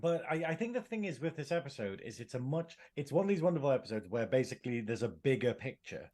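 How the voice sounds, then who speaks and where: A young man on a podcast talking at a middling pitch for a man. His speech rambles through long, filler-heavy explanations in an easy conversational way. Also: big pitch swings, quick pace, darkish tone. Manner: rambling, stacks "basically" and "like", laughs often. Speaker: podcast co-host. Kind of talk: casual chat.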